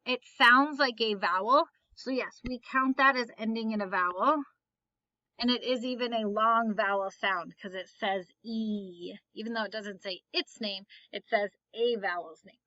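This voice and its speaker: A woman's voice: mid-range voice, bright, forceful tone, dry recording, lo-fi sound. A woman teaching a phonics lesson, patiently asking questions and then answering them herself. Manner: patient, asks and answers her own questions.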